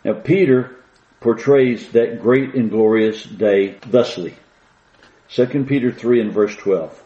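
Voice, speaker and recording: A man preaching a sermon, slowing down and lifting his voice to stress the scripture he reads. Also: medium pitch, mellow, roomy sound, lo-fi sound. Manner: slow, emphatic reading of scripture with rising stress.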